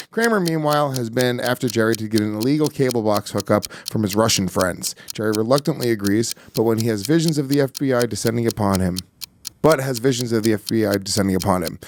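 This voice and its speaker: A man hosting a podcast, bantering casually with his co-host in a crude, teasing way that flares up loud when he is riled. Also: medium pitch, slight background noise.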